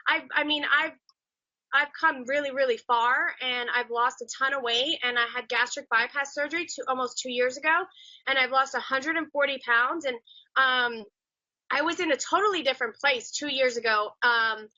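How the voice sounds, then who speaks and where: A woman with a high, very bright and sharp voice speaks as a guest on a live online chat. She talks haltingly and restarts her sentences often. The sound is dry and dull, with lo-fi livestream quality. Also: dry recording. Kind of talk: live social media chat.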